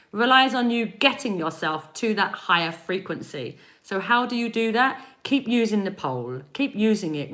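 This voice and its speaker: A woman energy healer giving a live-stream spiritual reading, animated and encouraging, laughing often as she talks straight to her viewers. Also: on the high side. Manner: speaks directly to chat viewers.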